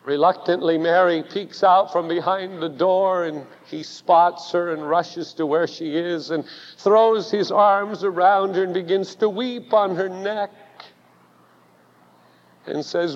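A man preaching a sermon, telling a story dramatically and building to loud emphatic peaks. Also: high voice, steady tone, slow. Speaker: pastor. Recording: dull recording with long hall reverb.

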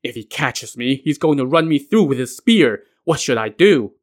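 A man voicing a harsh, cowardly middle-aged general and father who speaks gruffly, in a podcast myth retelling. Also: mid-range voice, expressive, normal speed, close to an everyday voice. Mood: panicked. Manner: gruff, then despairing.

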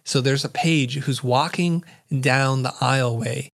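A middle-aged man, a guest on an interview show, spins a lively story at a medium pitch. He slips into the voices of the people he quotes to act out the scene. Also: unhurried, creaky. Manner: vivid storyteller who acts out quoted dialogue. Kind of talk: animated storytelling in conversation.

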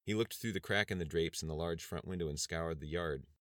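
Man, audiobook narrator, very deep voice, steady measured reading, dry close recording. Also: no room sound. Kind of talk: scripted narration.

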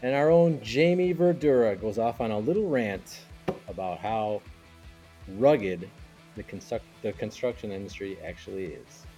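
Male podcast host, warm dark tone, upbeat intro delivery, faint music underneath. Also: on the low side, moderate pace. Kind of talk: podcast intro and casual chat.

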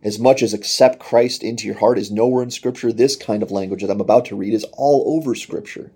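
A man's voice: on the low side, steady tone, a little fast, mellow, breathy edge. A man preaching a sermon in an earnest manner, reading scripture and voicing quoted speech with rising intensity. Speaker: pastor.

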